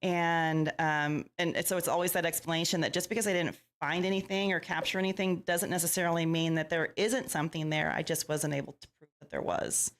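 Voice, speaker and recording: Low-voiced woman telling a lively story. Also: fairly quick, few pauses. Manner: lively storyteller who acts out quoted lines. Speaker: paranormal investigator guest. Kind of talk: casual interview storytelling.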